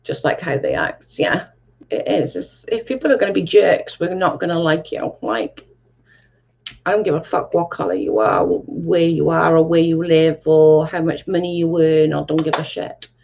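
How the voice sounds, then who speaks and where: A woman's voice: sits low, lively intonation, normal speed, creaky, darkish tone. A woman hosting a casual livestream and reading chat. She talks bluntly, swears freely and says "like" a lot. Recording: dull lo-fi sound.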